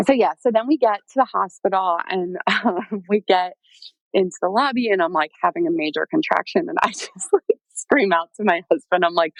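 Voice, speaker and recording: A woman's voice: lowish voice, moderate pace, no room sound, low-quality recording. A woman guest telling her own story in a casual, chatty way, full of fillers and acted-out quotes. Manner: chatty, lots of "like" and "um", animated quoting.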